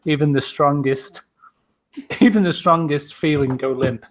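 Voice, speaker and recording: A man's voice: on the high side, a little slow, slight background noise. A man co-hosting a casual podcast chat, joking and laughing often.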